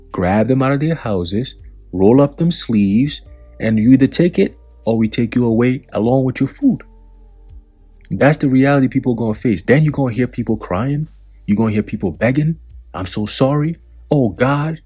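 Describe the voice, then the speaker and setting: A man's voice: mid-range voice, warm tone, breathy edge. A man reading news quotes aloud and commenting on them in a profane, preaching tone, with sardonic asides. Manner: reads quotes then comments, mocking and sardonic laughs. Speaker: religious commentator.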